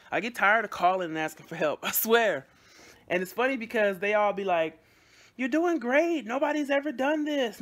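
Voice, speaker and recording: A woman's voice: lowish voice, a bit bright. A woman vlogging casually, venting bluntly to her camera with frequent swearing and rambling restarts.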